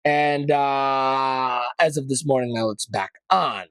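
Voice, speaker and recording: On his casual news commentary podcast, a man drifts loosely through the headlines with slangy, opinionated tangents and a bit of swearing. He speaks slowly at a medium pitch with a smooth, slightly bright tone and no echo.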